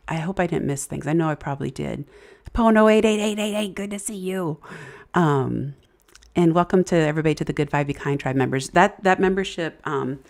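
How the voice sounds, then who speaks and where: A woman hosting a casual live stream, halting and searching for words, thanking viewers as she reads the chat. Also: sits low, a little mellow. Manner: halting, many fillers and restarts, searching for words; grateful, effusive thanks to viewers. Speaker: livestream host.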